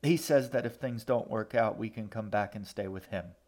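A man's voice: on the low side, moderate pace, darkish tone, close to an everyday voice. A man voicing a grudging, defensive young boy in audiobook narration.

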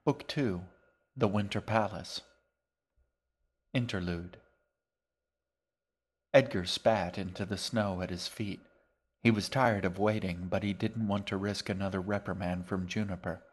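A man reading his own novel aloud as a podcast, in measured, even storytelling narration. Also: sits low, slightly rough.

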